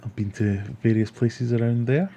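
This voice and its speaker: The speaker is a livestream host, a middle-aged Scottish man whose casual chat wanders as he reads viewer comments. His voice is medium-pitched and mellow at a moderate pace, with slight background noise.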